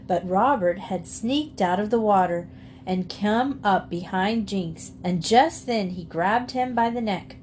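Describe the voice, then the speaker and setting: A woman reading a children's storybook aloud in a calm, measured way. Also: medium pitch, slight background noise. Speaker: storybook reader.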